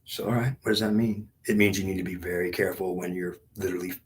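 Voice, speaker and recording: A man's voice: low voice, fairly even intonation, fast talker, poor audio. A man in his fifties telling of his talks with God in a rambling, intense monologue that often drops to a whisper. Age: 50s. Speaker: speaker recounting talks with God. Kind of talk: unscripted spiritual monologue.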